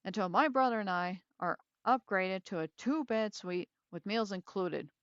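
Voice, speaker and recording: Cocky young ghost hunter guy, as a woman reads him, dramatic, slightly raised pitch, dull audio. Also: measured pace, a bit bright, dry recording, natural voice. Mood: boastful. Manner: boastful, dramatic.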